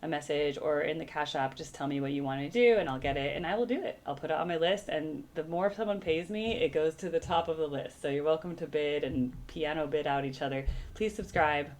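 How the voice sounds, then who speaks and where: A woman with a low, dusky voice and a small-town Northern California accent hosts her reaction video. She talks casually and rambles, full of asides and fillers. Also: fairly quick, hardly any pauses, darkish tone, slight background noise. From Redding, California. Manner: chatty and rambling, many likes and asides. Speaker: reaction video host, vocal coach. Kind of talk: casual chat.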